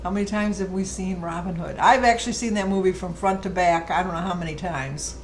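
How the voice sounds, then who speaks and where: A woman's voice: fairly low pitch, fairly quick, slight background noise, poor audio. A middle-aged woman vlogger chatting casually and rambling fondly through a list of questions. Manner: chatty, rambling, fond storytelling. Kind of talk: casual chat.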